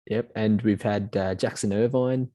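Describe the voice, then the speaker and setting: A lower-voiced Australian man with a mellow, warm tone, chatting about football in a casual way. The room sounds dry and close. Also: fairly even intonation, a little slow, no echo. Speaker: co-host.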